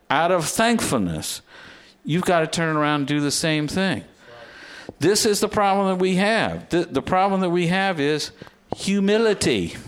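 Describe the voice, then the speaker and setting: Animated, conversational preacher man. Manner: lively, conversational preaching with self-mocking humor; addresses the congregation directly, drops to low earnest tones for scripture. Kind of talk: sermon.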